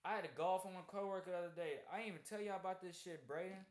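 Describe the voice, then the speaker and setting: A man's voice: high voice, racing. A young man chatting casually on a call and telling stories with heavy slang and swearing. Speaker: trading streamer. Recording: echoey room.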